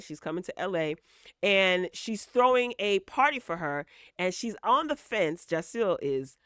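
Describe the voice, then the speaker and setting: A woman's voice: on the low side, fairly bright tone, clean tone, dry recording, studio quality. A woman giving a casual, opinionated recap of a reality show, chatty and blunt, tagging her points with "okay?" and "right?". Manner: sassy, blunt asides.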